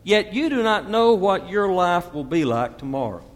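A man in his fifties preaching a sermon, sweeping from loud emphasis to hushed asides. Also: high-pitched, big pitch swings, normal speed, long reverb tail. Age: 50s. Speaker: pastor.

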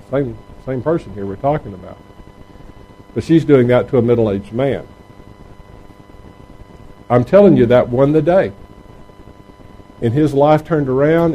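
A middle-aged man talks to a group of parents, taking their questions. His voice is mellow and warm, and he speaks earnestly and conversationally, often restarting his phrases. A faint hiss sits under the recording. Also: mid-range voice, poor audio. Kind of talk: informal talk with audience questions.

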